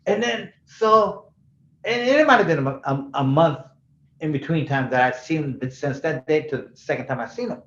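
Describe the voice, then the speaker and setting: Speaking at normal speed with a fairly high, expressive and fairly bright voice, this middle-aged bail bondsman rambles through stories in a relaxed interview, performing the voices of those he quotes. There's slight background noise, and the space is roomy and dull-sounding.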